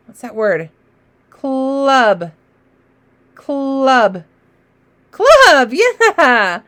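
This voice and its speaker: Slow, encouraging woman teacher. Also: medium pitch. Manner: warm, encouraging, sounds out letters slowly. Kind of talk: children's phonics lesson.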